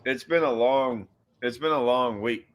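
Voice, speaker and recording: A man's voice: mid-range voice, a little slow. A man hosting a casual fishing chat, rambling with restarts and loose asides. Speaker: host.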